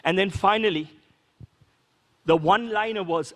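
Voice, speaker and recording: A man's voice: sits high, moderate pace, a bit bright, long reverb tail. A man preaching a sermon as a pastor, in a conversational way full of rhetorical questions. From Sri Lanka.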